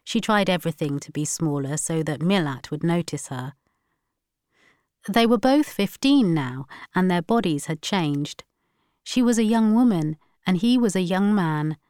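Woman reading an audiobook, smooth and clear. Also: fairly low pitch, lively intonation, a little slow, a little mellow, dry recording, clean studio sound. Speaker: audiobook narrator. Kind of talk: scripted narration.

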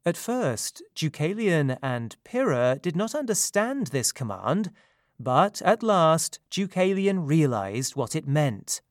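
Slow, measured male storybook narrator. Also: fairly high pitch, very animated, no room sound, studio quality. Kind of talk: storybook reading.

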